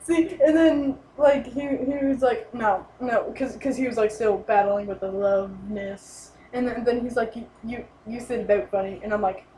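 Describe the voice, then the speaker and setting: A woman's voice: fairly high pitch, normal speed, hardly any pauses. A young woman vlogger telling a story in a casual, rambling way, full of "like" and "and then". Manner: rambling, excited, lots of "like" and "and then". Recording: echoey room, light noise.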